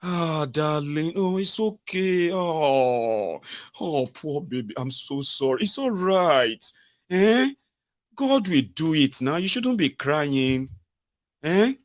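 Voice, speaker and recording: A man with a Nigerian accent voicing a fussing middle-aged wife who dotes on her husband with gentle mockery. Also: a little high, expressive, takes it slowly. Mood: mock consoling. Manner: doting, teasing, gently mocking.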